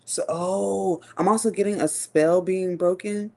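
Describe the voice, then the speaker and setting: Mellow-voiced woman reading tarot slowly. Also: fairly low pitch, fairly even intonation. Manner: slow, musing, with long hums and pauses; casual and profane. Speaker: tarot reader.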